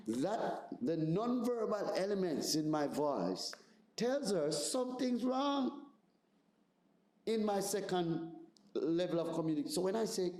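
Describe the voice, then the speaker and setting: A man's voice: a little high, big pitch swings, unhurried, darkish tone. A man in his forties with a Jamaican accent, a pastor teaching a seminar in a conversational way, often checking in with "right?". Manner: conversational, repeats words, asks "right?". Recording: roomy echoey room.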